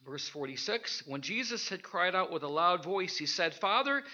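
Man, Bible study teacher, very bright tone, slightly raised pitch, restarts, rhetorical questions, dull lo-fi sound. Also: lively intonation. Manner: thinking aloud, halting restarts, rhetorical questions. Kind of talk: informal Bible study sermon.

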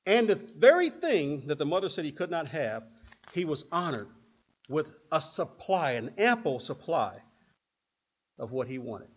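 Older male preacher, animated sermon delivery, husky and expressive, muffled lo-fi recording. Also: a little high, unhurried. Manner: animated, acts out quotes in put-on voices. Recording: dull lo-fi recording.

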